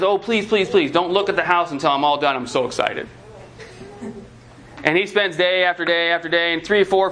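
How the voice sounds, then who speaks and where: A man delivers a sermon to parents in a relaxed, conversational way. He slips into the voices of the people in his story as he tells it. His voice sits a little high, and faint room ambience hangs behind him. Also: slight background noise, poor audio. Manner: conversational preaching with acted-out quotes. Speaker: pastor.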